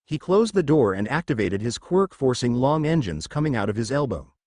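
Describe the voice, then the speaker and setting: A man reads a superhero fan story aloud in a narrating voice that rises and falls in lively swings. The recording is dry and close, with no room sound around him. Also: medium pitch, brisk, dry recording.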